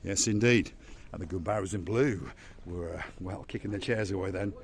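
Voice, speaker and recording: A man's voice: sits low, normal speed. A man hosting a walking-tour vlog outdoors at a seaside harbour, chatting playfully and teasing his viewers. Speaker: vlog host.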